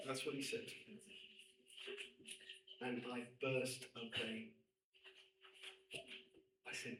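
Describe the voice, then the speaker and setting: A middle-aged man, a rabbi, lecturing women students and telling a personal story with emphatic, animated delivery. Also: medium pitch, takes it slowly, long pauses. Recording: echoey room, distant mic, faint noise.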